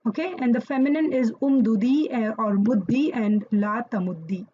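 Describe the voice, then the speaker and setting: A woman's voice: fairly high pitch, normal speed, warm tone, highs cut off, slight background noise. A woman teaching Quranic Arabic grammar in an online lesson, explaining patiently and checking in with listeners as she goes.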